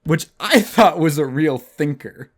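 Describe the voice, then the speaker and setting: A man's voice: fairly high pitch, expressive, measured pace. A young man hosting a podcast, telling a rambling, profane, self-mocking story in casual chat. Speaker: podcast host.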